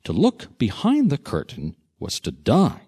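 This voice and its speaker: A man narrating a scripted Bible teaching with dramatic, expressive storytelling. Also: medium pitch, a little slow, husky.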